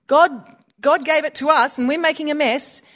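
A woman's voice: sits high, steady tone, moderate pace, fairly bright tone. A woman preaching in a chatty, conversational way, mixing scripture with personal stories. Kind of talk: conversational sermon.

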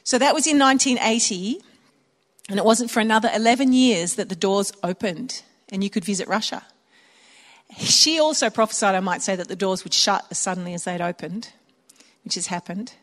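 A woman's voice: medium pitch, brisk. An older woman pastor preaching a sermon in a church auditorium, conversational, with chuckling asides. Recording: long hall reverb.

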